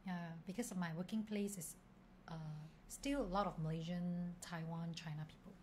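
A young woman co-hosting a casual chat, halting as she searches for words and laughing often. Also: on the low side, fairly even intonation, darkish tone, slight background noise. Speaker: podcast co-host.

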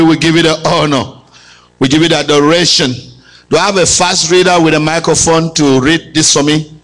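A man preaching a sermon as pastor, often shouting and swinging his voice from high to low. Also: poor audio. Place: church hall.

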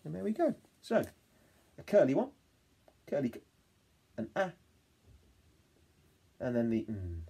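A man with an English accent teaching a phonics lesson to young children, encouraging them and sounding out words slowly. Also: medium pitch, huge pitch swings, creaky, dark tone, husky. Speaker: reception class teacher.

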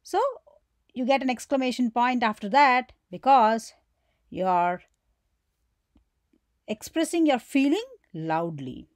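A woman gives a grammar lesson in a high, animated voice, speaking slowly and posing questions that she then answers herself. She acts out the example exclamations as she goes. Her voice is recorded close and dry. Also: dry recording. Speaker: teacher.

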